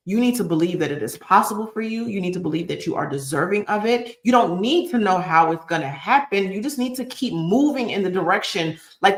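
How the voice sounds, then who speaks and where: A woman hosting her channel's live chat. She talks in an earnest, emotional, motivational way and repeats phrases for emphasis. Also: lowish voice. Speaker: YouTube channel host. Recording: echoey room.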